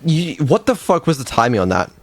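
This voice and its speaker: A man's voice: mid-range voice, big pitch swings, brisk, no room sound, soft background music. Laid-back man on a dev stream. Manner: laid-back, mumbling asides, frequent ums and swearing. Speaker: developer and streamer. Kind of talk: casual chat on a dev stream.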